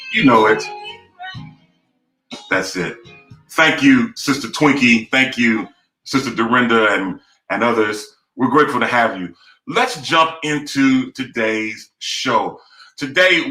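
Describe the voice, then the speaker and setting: A man's voice: mid-range voice, pushed and bright, reverberant, low-quality recording. A man hosting a live online talk show, speaking in an emphatic, rhythmic, preacher-like way. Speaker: host.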